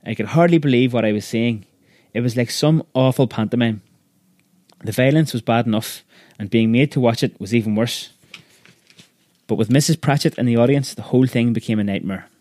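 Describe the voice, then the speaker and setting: A man reads a story aloud in a measured, vivid way, his voice of ordinary pitch. The recording is dry and close, with no room sound. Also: warm tone, dry recording. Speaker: narrator.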